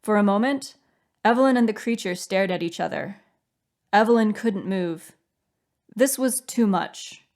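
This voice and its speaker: A woman reading her own novel aloud as audiobook narration, in a measured, steady storytelling manner. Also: mid-range voice.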